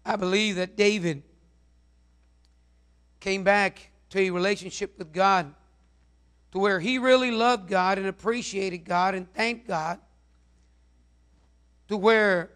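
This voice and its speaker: High-voiced rambling male pastor. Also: fairly even intonation, a little slow, long pauses, fairly bright tone. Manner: rambling, repeats words and fillers. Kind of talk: sermon.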